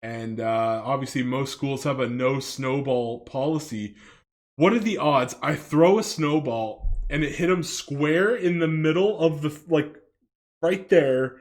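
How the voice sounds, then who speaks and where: A man from Canada giving loose, casual commentary for his video, full of fillers and restarts, with some swearing. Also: on the high side.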